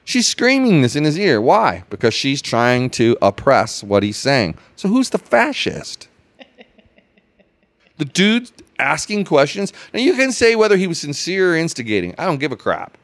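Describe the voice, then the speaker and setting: A man hosting a casual podcast chat, ranting in an animated, sarcastic way with many restarts. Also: a little high, moderate pace, no echo. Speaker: podcast host.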